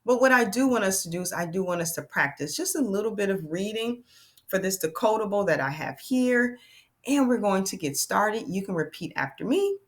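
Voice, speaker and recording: A woman's voice: mid-range voice, animated, moderate pace. A woman teaching a phonics lesson to children, stretching out sounds and clapping out syllables in a patient, encouraging way.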